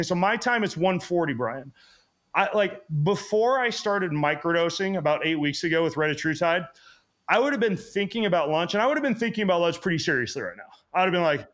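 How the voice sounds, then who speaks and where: Fast-talking male health-expert guest. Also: high voice, a bit bright. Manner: quick, explanatory, lots of fillers like "like" and "um". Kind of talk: casual interview chat.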